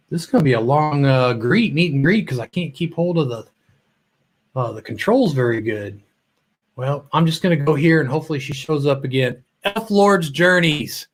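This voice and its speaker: A man hosting a casual live stream, greeting viewers by name, a little choked up and often trailing off mid-sentence. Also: mid-range voice. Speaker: livestream host.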